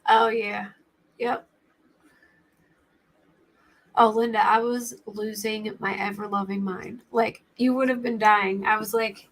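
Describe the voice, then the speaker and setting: A woman's voice: medium pitch, steady tone, measured pace, pauses often, a bit bright. A young adult woman hosting a true crime livestream, chatting casually in a rambling, flustered way and laughing easily.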